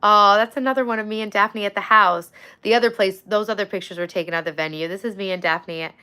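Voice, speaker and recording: A woman's voice: medium pitch, fairly even intonation, fast talker, pushed and bright, clean tone. Chatty woman in her forties livestreaming. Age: 40s. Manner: chatty, thanks viewers by name. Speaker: livestream host. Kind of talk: casual livestream chat.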